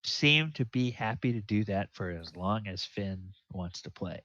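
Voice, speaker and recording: A man hosting and narrating a tabletop game as dungeon master, describing scenes in a rambling, halting way. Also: on the low side, animated, bright, forceful tone, no room sound, highs cut off.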